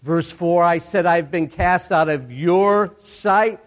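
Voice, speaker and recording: A male pastor preaching a sermon, reading scripture aloud and repeating key phrases for emphasis. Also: sits high. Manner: slow, deliberate reading of scripture with emphatic repetition.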